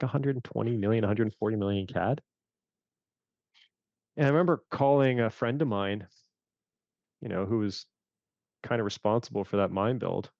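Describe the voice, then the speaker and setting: Low gravelly-voiced man telling stories. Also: no room sound, muffled recording. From Canada. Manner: animated, acts out his own reactions in quotes. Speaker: fund manager guest. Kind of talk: casual interview storytelling.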